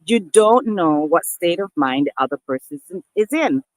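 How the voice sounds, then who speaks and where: A woman's voice: lowish voice, animated, normal speed, dry recording, rough recording. Earnest woman vlogger, dry sound. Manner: earnest, emphatic, addresses viewers as people; repeats and restarts phrases. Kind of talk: casual talk to camera.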